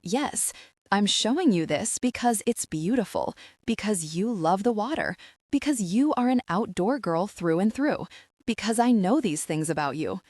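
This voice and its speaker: A woman with a mid-range, darkish voice and lively intonation narrates audiobook dialogue at a moderate pace, voicing a rugged, protective young man. She sounds natural, firm, and direct, with an earnest mood. The sound is clean studio quality with no echo.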